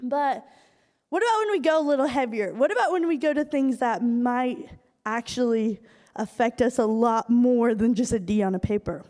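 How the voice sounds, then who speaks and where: A young woman from Iowa giving a lively youth group talk, telling stories with acted asides. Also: on the high side, normal speed. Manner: animated storytelling with acted asides. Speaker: youth speaker. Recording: hall reverb from a live room.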